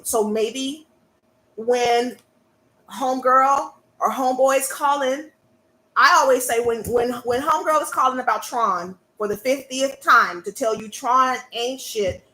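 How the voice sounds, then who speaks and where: A woman, a burlesque performer and coach talking live to her audience in a sassy, animated way. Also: on the high side, roomy sound, a little hiss or hum, low-quality recording. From American South. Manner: sassy and animated, calls out to listeners. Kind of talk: live-stream talk to an audience.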